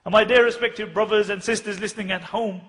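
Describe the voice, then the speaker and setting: A man's voice: high voice, steady tone, fast talker, fairly bright tone. A male preacher giving a fiery sermon, impassioned and urgent, full of rhetorical questions. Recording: long hall reverb.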